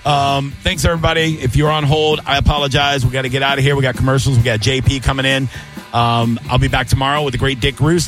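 A man hosting a casual sports radio talk show, telling animated, jokey stories and acting out quotes. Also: medium pitch, fast talker, over music. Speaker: radio host and comedian.

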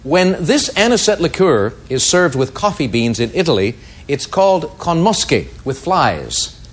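A man hosting a quiz show, reading out clues crisply and giving brief verdicts. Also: fairly high pitch, big pitch swings, measured pace.

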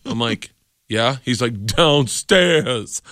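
A man's voice: medium pitch, very slow, dry recording, clean studio sound. A man, a comedian guest on a radio show, telling a long story, acting out voices and laughing as he goes. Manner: animated, acts out voices and laughs through the story.

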